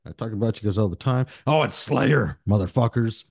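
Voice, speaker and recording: A man hosting a podcast in casual chat, rambling through profane shout-outs. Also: lowish voice, a little fast, vocal fry, slightly rough, no echo, studio quality. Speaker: podcast host.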